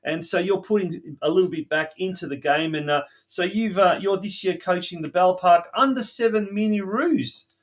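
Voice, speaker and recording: A man's voice: sits high, normal speed, few pauses. A middle-aged Australian man hosting a local soccer podcast, chatting casually with a guest, with plenty of fillers and restarts. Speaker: podcast host. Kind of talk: casual interview chat.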